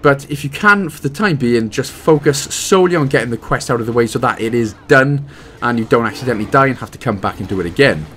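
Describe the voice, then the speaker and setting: A man's voice: mid-range voice, lively intonation, fast, fairly bright tone, a little hiss or hum. A man with a Welsh accent giving a casual, jokey walkthrough of a video game as host of a guide channel. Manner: chatty, jokey, rambling asides.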